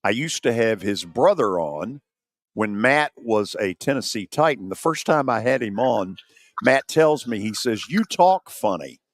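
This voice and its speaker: Lively Southern sports radio host. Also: male voice, on the low side, measured pace, no echo, clean studio sound. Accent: Southern American. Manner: folksy storytelling, animated quotes. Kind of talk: sports talk radio hosting. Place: studio at an ice center venue. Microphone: studio microphone.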